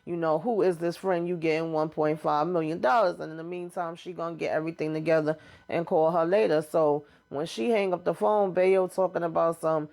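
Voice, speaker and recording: A woman's voice: on the low side, steady tone, fairly quick, vocal fry, a little mellow. A woman hosting a casual TV recap, retelling scenes in a loose, slangy way with lots of "you know what I'm saying.". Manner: slangy and informal, drops verb endings. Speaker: TV recap host.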